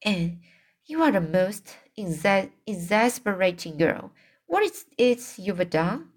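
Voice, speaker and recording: A woman's voice: mid-range voice, sing-song, slow. A woman reading aloud, voicing a stern, practical older woman who scolds curtly.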